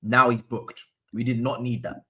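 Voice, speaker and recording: Excitable fan with a bright voice. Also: male voice, medium pitch, moderate pace. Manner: excitable, frustrated fan, swears and rants at the game. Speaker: host of a football watchalong. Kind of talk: live match reaction commentary.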